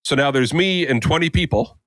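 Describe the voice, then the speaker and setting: A man's voice: on the high side, a little fast, no echo. A man co-hosting a podcast, telling a long story in a casual way and acting out the people he quotes. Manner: animated, acts out quoted people. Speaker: podcast co-host.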